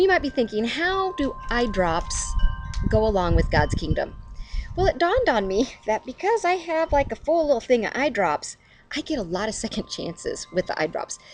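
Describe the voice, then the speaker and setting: A middle-aged woman hosting a casual devotional video, talking chattily to camera at home and laughing at herself. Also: on the high side.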